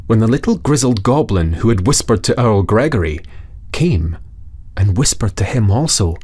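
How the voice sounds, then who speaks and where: A man reading a fairy tale aloud for children in a slow, measured, dramatic way. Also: low-pitched, darkish tone, slightly rough. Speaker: storyteller.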